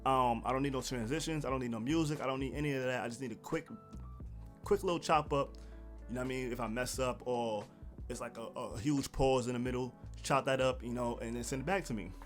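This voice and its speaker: A man vlogging seated to camera, telling a story in a casual, animated way and acting out the people he quotes. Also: mid-range voice, fairly quick, faint music behind. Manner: animated, quotes others in raised voice. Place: indoors, seated at home. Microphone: camera mic, seated.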